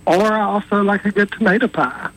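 A man's voice: sits high, fairly even intonation, brisk, fairly bright tone, low-quality recording. A man calling in to a radio show, rambling and hesitant. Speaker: caller. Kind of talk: call-in radio chat.

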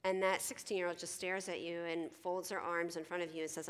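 A middle-aged woman gives a conference talk as a counselor, chatty and animated, slipping into quoted voices of teenagers. Her voice sits fairly low, and a long reverb trails her words around a large hall. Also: fairly quick, smooth. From Philadelphia. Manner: animated, conversational, acts out teens and herself in quoted dialogue.

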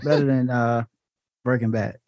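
A man making wry, quick remarks in casual chat. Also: mid-range voice, fairly even intonation, darkish tone, no echo, dull audio.

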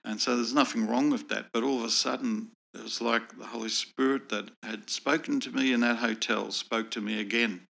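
A man's voice: mid-range voice, fairly even intonation, normal speed, creaky, hardly any pauses, pushed and bright. A man earnestly telling a personal faith story as a guest in a conversational interview. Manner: earnest, reflective. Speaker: guest sharing personal testimony.

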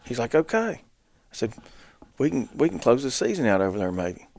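A man's voice: medium pitch, big pitch swings, moderate pace, gravelly, a little mellow, no echo. A man, co-hosting a podcast, tells a hunting story in casual chat and laughs through his punchlines. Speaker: podcast co-host.

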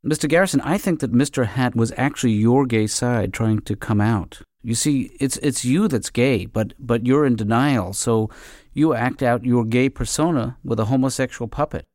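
A man's voice: mid-range voice, moderate pace, darkish tone, no room sound, clean studio sound, natural voice. A man voicing a hesitant, awkward male psychiatrist in a cartoon, stammering through his questions. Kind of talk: animated cartoon voice acting.

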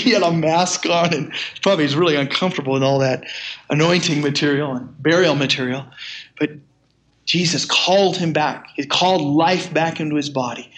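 An older man preaching a sermon, reading scripture aloud in measured tones and then retelling it casually with chuckles. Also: on the high side, fairly bright tone. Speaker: pastor.

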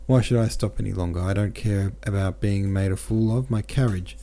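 A man's voice: fairly low pitch, steady tone, a little fast, warm tone, lightly acted. A man reading as a haughty, imperious old aristocrat. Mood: furious. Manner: haughty, commanding, irritable.

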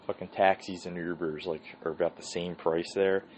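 A man's voice: low voice, flat delivery, normal speed, a little mellow. A man hosting a podcast, telling a rambling, swear-heavy story and laughing often. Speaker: podcast host. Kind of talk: casual storytelling. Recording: dull lo-fi sound with faint hiss.

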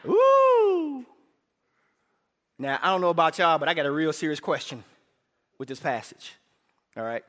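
A middle-aged man preaching a sermon in a church, animated, shouting for emphasis and prompting the congregation to call back. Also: fairly high pitch, fairly quick, long pauses. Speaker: pastor. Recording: echoey hall reverb.

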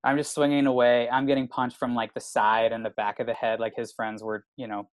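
A man's voice: mid-range voice, little pitch movement, brisk, dry recording. A man, a comedian telling a long story in casual chat, rambling and swearing with constant filler words. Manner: rambling, profane, full of "like" fillers. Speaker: stand-up comedian.

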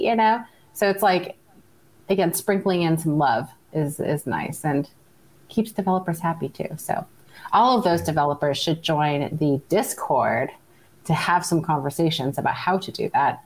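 A woman's voice: low-pitched, lively intonation, measured pace, a little mellow, a little hiss or hum. A woman hosting a tech podcast in casual chat, talking in a chatty way with lots of fillers and asides that seek agreement. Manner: chatty, filler-heavy, keeps asking for agreement. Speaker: podcast host.

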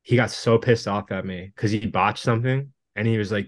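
Guy with a lowish voice, dry close sound, rambly casual stories. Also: steady tone, moderate pace, few pauses, a bit bright, no echo. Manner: rambling, laughs things off, jumps around. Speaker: podcast guest. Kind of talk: casual storytelling chat.

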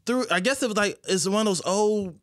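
A man's voice: sits high, brisk, no room sound, clean studio sound. A young man from St. Louis, a comedian telling wild stories in casual chat, laughing often and acting out what people said. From St. Louis, USA. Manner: animated, laughs often, acts out quotes. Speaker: guest comedian. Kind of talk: casual storytelling.

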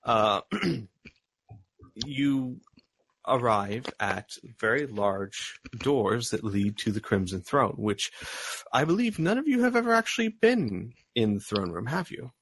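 A man's voice: medium pitch, very animated, slow pace, fairly bright tone, slightly rough. A man running a tabletop game as game master, narrating with many ums and restarts.

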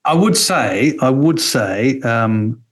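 A man's voice: medium pitch, expressive, slow pace, slightly rough, rough recording. A middle-aged man, talking as an interview guest, reflective and full of ums and restarts. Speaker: interview guest, former radio executive. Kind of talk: conversational interview.

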